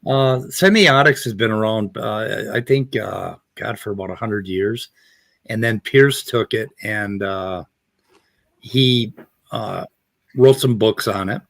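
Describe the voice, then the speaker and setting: A man's voice: on the low side, takes it slowly, vocal fry, a bit bright, no room sound. A man on a casual panel chat, rambling through an explanation with many fillers. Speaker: co-host.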